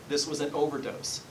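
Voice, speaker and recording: A man's voice: fairly high pitch, recorded from a distance, noisy background. A man working as a psychic medium, giving a live reading in a salon and politely apologizing as he relays messages. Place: hair salon, indoors.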